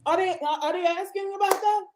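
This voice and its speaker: A woman's voice: very high voice, brisk, a little mellow, a little hiss or hum, low-quality recording. A woman delivering an impassioned, profane rant full of rhetorical questions. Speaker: commentator in a played clip.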